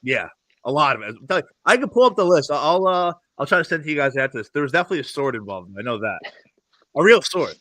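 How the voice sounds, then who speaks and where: A man sits in as a podcast guest and spins rapid, profane anecdotes, laughing as he goes. His voice is bright and forceful, and the sound is dry and close with no room around it. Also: a little high, sing-song, no echo. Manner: fast, profane storytelling with bursts of laughter. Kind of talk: casual podcast chat.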